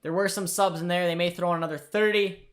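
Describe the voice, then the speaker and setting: A young man hosting a live football watchalong, reacting with excitement and emotion and talking to his viewers. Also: sits high, quick pace. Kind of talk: live match watchalong commentary.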